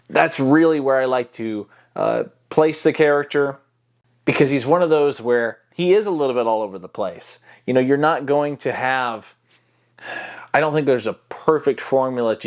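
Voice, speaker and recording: A man's voice: mid-range voice, unhurried. A man giving a casual voice-acting tutorial into a close mic, explaining technique with loose, demonstrative talk and many fillers. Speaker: voice-acting coach. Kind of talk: tutorial vlog. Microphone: close mic he sometimes touches.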